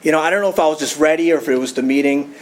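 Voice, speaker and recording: Young man sharing his recovery story at a meeting, casual, rambling, slightly high voice. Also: racing. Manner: casual, storytelling with fillers and laughs. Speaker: AA speaker.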